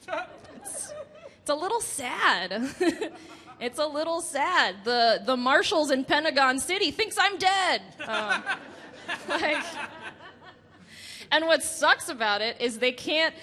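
A woman in her late twenties doing a stand-up set on a club stage, halting and laughing at her own jokes. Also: sits high, big pitch swings, pushed and bright. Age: late 20s. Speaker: stand-up comedian. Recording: reverberant club room with faint music.

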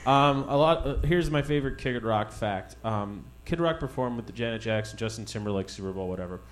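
A man hosting, bantering with a guest in a teasing, quick manner. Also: mid-range voice, animated. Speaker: host. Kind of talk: casual chat.

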